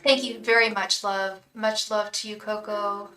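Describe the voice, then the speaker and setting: A woman's voice: mid-range voice, flat delivery, unhurried, hardly any pauses, pushed and bright, recorded from a distance. A woman reading tarot on a live stream, chatting with viewers, thanking donors by name and chanting invocations to spirit guides.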